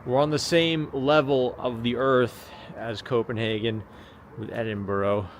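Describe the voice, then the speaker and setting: A man's voice: mid-range voice, steady tone, measured pace. A man hosting a casual walking livestream at night outdoors, rambling and chatting with viewers as he walks. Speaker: livestream host. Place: city streets at night, outdoors. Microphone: small handheld gimbal camera. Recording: street noise from passing traffic. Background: traffic and street ambience.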